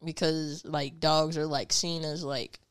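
A woman's voice: deep voice, fairly even intonation, measured pace, dry recording. Chatty woman co-host, dry close sound. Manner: chatty, hesitant, many fillers, laughs often. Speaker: podcast co-host. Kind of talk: casual podcast chat.

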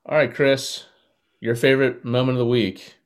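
A man's voice: medium pitch, level tone, normal speed. A man co-hosting a casual podcast, talking in a laid-back, hesitant way. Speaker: podcast co-host.

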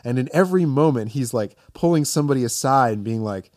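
A man's voice: mid-range voice, animated, quick pace, darkish tone, dry recording, studio quality. A man co-hosting a podcast in casual film discussion, talking loosely with lots of fillers. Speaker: podcast co-host.

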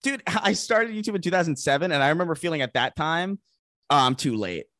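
A man chatting as a podcast guest, excitable and profane, tripping over quick restarts. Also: high voice, no room sound, clean studio sound. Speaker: guest content creator. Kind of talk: casual podcast chat.

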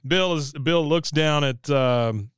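A man's voice: slow pace, a crowd in the background. A man co-hosting a podcast, casually recapping a cartoon episode and acting out the characters' lines. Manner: retells scenes, acts out characters' lines in high voices. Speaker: podcast co-host.

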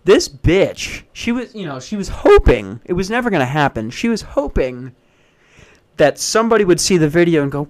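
A man's voice: fairly high pitch, sing-song, moderate pace. A man hosting a solo podcast, talking in a blunt, profane, self-deprecating casual rant. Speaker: podcast host.

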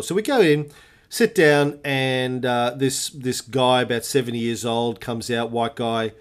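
A man, a podcast co-host telling a lively anecdote in casual chat, swearing freely. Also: medium pitch, measured pace, clean tone. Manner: animated storyteller, swears freely.

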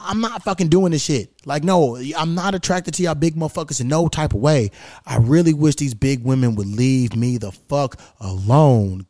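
A man's voice: a little high, warm tone, dry recording, clean studio sound. A man hosting a podcast, talking casually and venting in a blunt, profane, frustrated way into a stand microphone. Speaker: podcast host.

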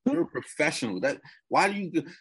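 Husky-voiced man ranting about sports. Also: a little high, fast. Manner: animated, swearing, mock quotes. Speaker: podcast co-host. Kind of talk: casual sports chat.

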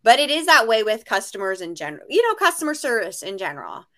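Fast and on the high side, this woman's voice brings lively stories to the casual podcast she co-hosts, where she performs people's quotes. She works as a reseller.

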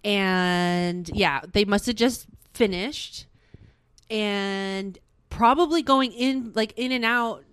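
A young woman telling a story in casual chat, animated and swearing, acting out what people said. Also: medium pitch, slow, clear, resonant tone, no room sound.

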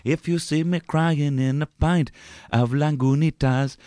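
A man's voice: fairly high pitch, unhurried, hardly any pauses, dry recording. A man co-hosting a comedic podcast in a jokey, rambling way. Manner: jokey, rambling, lively delivery with fillers. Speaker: podcast co-host.

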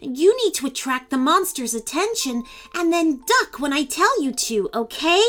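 A woman's voice: sits high, sing-song, slow, a bit bright, pitched above the performer's own voice, heavily acted. Woman voicing a brave little fairy girl. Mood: soothing. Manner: eager, pleading.

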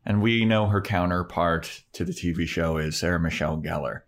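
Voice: low-pitched, a little fast. A podcast co-host chatting casually, putting questions and steering the talk along with short remarks. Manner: brief interjections, steers the talk. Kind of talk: casual chat.

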